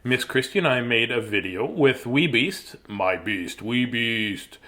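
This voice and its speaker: A man's voice: mid-range voice, lively intonation, unhurried, pushed and bright. Playful, sing-song man hosting a live stream. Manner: playful, greets viewers by name, sing-song asides. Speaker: host reading bedtime stories to kids. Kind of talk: casual live-stream chat.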